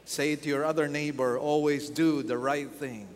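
A man's voice: a little high, steady tone, moderate pace, a little hiss or hum. A man preaching a sermon as pastor, acting out quoted voices and repeating key phrases for emphasis. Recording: long hall reverb.

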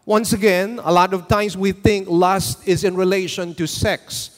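A man preaching a sermon as pastor, deliberate and measured, asking the congregation to respond and read along. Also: sits high, level tone, in a large hall.

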